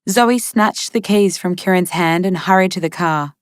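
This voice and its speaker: A woman narrating an audiobook in a measured, steady manner into a close studio mic. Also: on the low side, no echo. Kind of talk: scripted narration.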